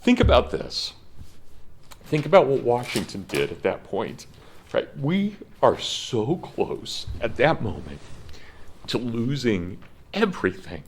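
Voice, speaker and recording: A man's voice: mid-range voice, wildly swooping pitch, measured pace, slight background noise. A middle-aged man, a college professor, giving an earnest classroom lecture and telling a story with feeling, his voice at times cracking with emotion. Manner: earnest storytelling, breaks into laughs when moved.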